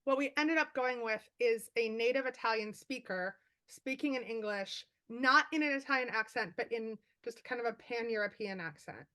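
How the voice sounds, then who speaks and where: A woman author on a video call, telling stories quickly and animatedly with lots of fillers. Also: fairly high pitch. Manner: fast, animated storytelling with many fillers. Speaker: author guest. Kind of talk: casual chat.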